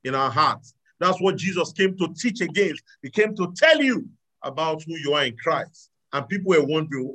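A man preaching a sermon to a live audience, animated, swinging between loud exclamations and quiet asides. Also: fairly high pitch, moderate pace, rough recording. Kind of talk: sermon with audience call-and-response.

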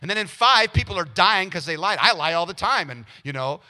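A man preaching a sermon with a bright, cutting voice pitched a bit high. He is animated and acts out everyday scenes with quick quoted voices. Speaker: pastor.

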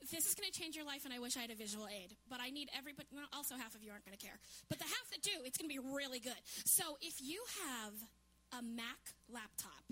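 Woman, live podcast co-host, dry jokey banter, high voice, bright tone. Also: expressive. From New York City. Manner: quick, dry, joking delivery. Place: theatre stage before a live audience.

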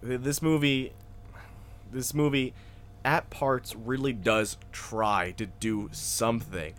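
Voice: mid-range voice, fairly even intonation, slow, a bit bright, slight background noise. A podcast co-host in casual chat, teasing in a wry, mock-serious manner.

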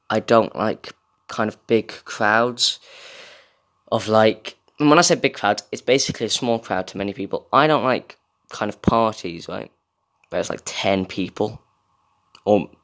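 A man's voice: lowish voice, a bit bright. A young man, host of a solo show, ranting in a sarcastic, sweary, rambling way. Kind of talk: casual comedic rant.

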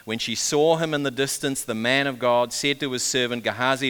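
A man preaching a sermon, swinging between loud urgent build-ups and hushed, quiet passages. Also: mid-range voice, brisk, few pauses, clean tone. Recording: long reverb of a large hall.

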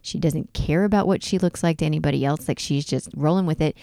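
A woman's voice: fast talker, no echo, studio quality. A woman co-hosting a casual chat show, telling stories animatedly and swearing freely. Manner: animated storyteller, swears freely, jumps into high exclamations. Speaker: podcast co-host.

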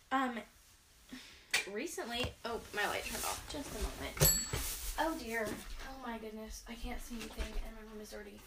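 Teenage girl vlogger, slightly high voice, exasperated rambling rant from her bedroom. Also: heavy background noise. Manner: exasperated, rambling, frequent sighs and restarts. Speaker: vlogger and gymnast. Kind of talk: casual ranting monologue.

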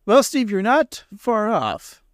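A man's voice: sits high, huge pitch swings, takes it slowly, clean tone, no echo, studio quality. A man co-hosting a casual podcast, rambling and joking, laughing often. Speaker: podcast co-host.

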